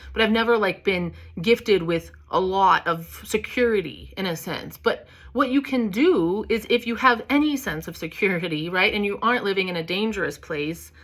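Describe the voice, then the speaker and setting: A woman with a fairly high voice, giving a tarot reading in a loose, chatty way. She speaks candidly, drops curse words freely and fills her talk with casual asides. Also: a bit bright. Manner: chatty, candid, swears freely, many fillers. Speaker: tarot reader. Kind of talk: casual spiritual reading monologue.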